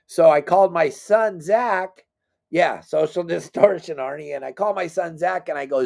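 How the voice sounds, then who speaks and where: Animated middle-aged fishing guide. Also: male voice, a little high, brisk, gravelly. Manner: animated, self-deprecating, acts out quotes. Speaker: fishing guide and boat captain. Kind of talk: casual storytelling.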